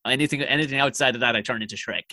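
A man's voice: medium pitch, racing, sharp tone, dry recording. A young man, telling comic stories in a profane, self-mocking way on a podcast. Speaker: comedian guest. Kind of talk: storytelling podcast chat.

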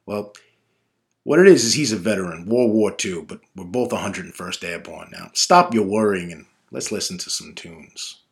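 A man voicing his father, a boisterous, gruff middle-aged dad who talks loud and excited. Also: low voice, normal speed. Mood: boastful.

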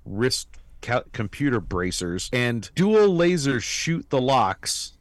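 A man's voice: mid-range voice, very animated, slow, no room sound. A man co-hosting a casual movie-review podcast, with wry, sarcastic asides. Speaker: podcast co-host.

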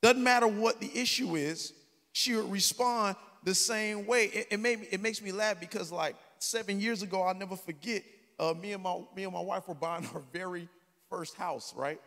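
A man preaching a sermon as a story, swinging from quiet talk to shouted peaks. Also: high-pitched, normal speed. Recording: long hall reverb.

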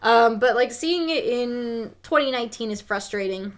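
A woman's voice: fairly high pitch, expressive, moderate pace. A woman co-hosting a podcast, chatting casually and frankly about a film, with lots of filler words and the odd swear. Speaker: podcast co-host. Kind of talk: casual film review chat.

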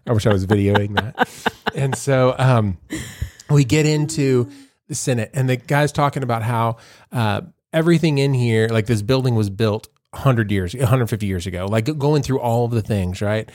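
In a casual podcast chat, this male co-host rambles through stories, laughing often and restarting his sentences a lot. His mid-range voice moves fairly quickly and sounds a little mellow, recorded dry with studio quality.

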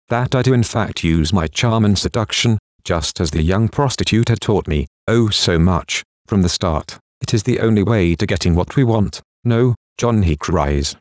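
A man reading a first-person crime novel aloud in a measured, brooding dramatic way. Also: deep voice, darkish tone, no echo, clean studio sound. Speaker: audiobook narrator. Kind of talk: first-person scripted narration.

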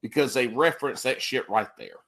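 A man hosting a podcast, bantering crudely and laughing loudly with his guests. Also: medium pitch, huge pitch swings, a little fast, creaky. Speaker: podcast host. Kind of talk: casual chat.

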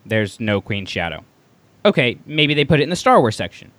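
A man co-hosting a podcast, chatting casually and telling stories in a playful, animated way. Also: mid-range voice, brisk, dry recording. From Texas, USA. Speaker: podcast co-host. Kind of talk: casual chat.

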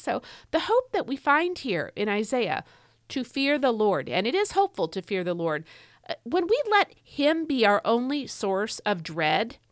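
A woman's voice: sits high, a bit bright, no room sound. Earnest woman teaching on a devotional podcast. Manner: earnest and emphatic, repeats key phrases. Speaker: podcast host.

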